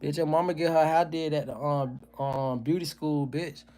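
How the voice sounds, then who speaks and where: A man's voice: fairly high pitch, fairly even intonation, moderate pace, darkish tone. A man hosting a livestream, talking casually and working through comedy bits in a profane, ranting way. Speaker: livestream host.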